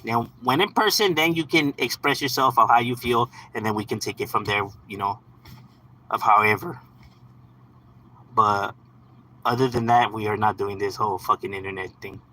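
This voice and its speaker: A man's voice: fairly low pitch, normal speed, sharp tone, poor audio. A man on a casual livestream, talking to his chat in slang and profanity, often saying "bro" and "homie" and laughing as he talks. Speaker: live streamer.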